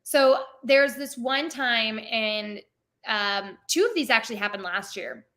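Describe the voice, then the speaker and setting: A woman's voice: on the high side, unhurried, bright, forceful tone. A young woman telling stories in a casual interview as a theme park performer, chatty and full of "like" fillers. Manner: chatty, many "like" fillers, laughs often.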